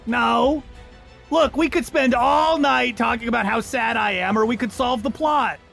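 A man voicing a sad, hungry young man in a tabletop role-play, talking in a high, whiny deadpan. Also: measured pace, vocal fry, soft background music, full character voice. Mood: mopey.

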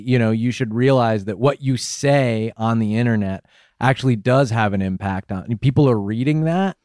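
A man's voice: mid-range voice, moderate pace, darkish tone, dry recording. Male comedy co-host, bossy coaching tone, dry close sound. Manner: bossy, explains and coaches the others. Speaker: podcast co-host. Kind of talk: comedic banter.

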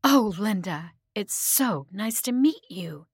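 Woman reading a ghost mother, slow and breathy, sweetly welcoming, dry close sound. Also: mid-range voice, lively intonation, no room sound.

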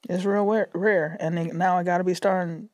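A woman TV writer chatting as a podcast guest, relaxed and casual, swearing freely and laughing often. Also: fairly low pitch, no room sound, studio quality. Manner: relaxed, profane, quick to laugh.

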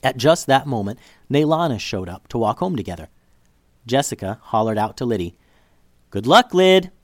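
A man reading a children's story aloud, with a voice that rises and falls a great deal. His delivery is expressive and steady. The recording is dry and close. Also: medium pitch, a little fast, no room sound.

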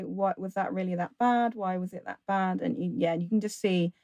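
A woman's voice: on the low side, moderate pace, hardly any pauses, darkish tone, dry recording. Enthusiastic woman guest on a podcast. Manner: enthusiastic, acts out characters' thoughts. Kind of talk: casual chat about a TV adaptation.

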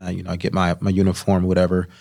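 A young man, a chef, tells stories in a podcast studio in a lowish voice, with plenty of animation and a habit of acting out the people he quotes. His studio microphone keeps the sound close and clear. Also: racing. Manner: animated storyteller who acts out quoted voices. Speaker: chef guest. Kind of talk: storytelling in a podcast interview.

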